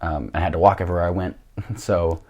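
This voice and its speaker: A man's voice: low voice, steady tone, brisk, crowd noise. A young man with a grainy voice, a jiu-jitsu coach telling stories as a guest in a casual chat, full of fillers and laughs. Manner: rambling storyteller, many fillers and laughs.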